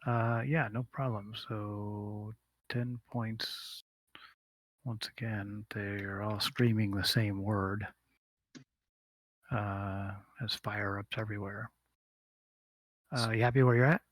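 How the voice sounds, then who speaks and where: A man running a tabletop game as game master, narrating the action in a relaxed, unhurried way. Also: on the low side, dry recording. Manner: relaxed, unhurried, hums filler sounds while rolling.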